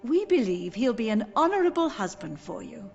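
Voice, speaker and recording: A woman's voice: fairly high pitch, big pitch swings, moderate pace, dull audio, soft background music. A grieving old mother. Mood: tender. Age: older. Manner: soft, tender, sorrowful. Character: grieving elderly mother, gentle and confused. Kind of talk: game voice acting.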